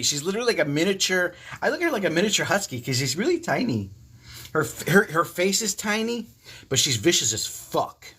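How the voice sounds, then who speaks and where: A man in his fifties chatting casually on a livestream, telling stories in a profane, animated way with frequent laughs. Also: on the high side, breathy edge. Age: 50s. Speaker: livestream host. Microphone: phone.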